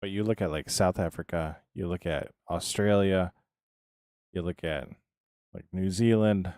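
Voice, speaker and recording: An American man with a deep, somewhat slow and mellow voice live-streams a building game, recorded with no room sound. He chats casually with viewers, answering them by name and rambling between tasks.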